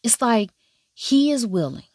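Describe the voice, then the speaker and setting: A woman giving casual drama commentary in an animated, profane, sassy way. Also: fairly high pitch, unhurried, dry recording, clean studio sound. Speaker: drama reviewer. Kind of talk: casual watch-along commentary.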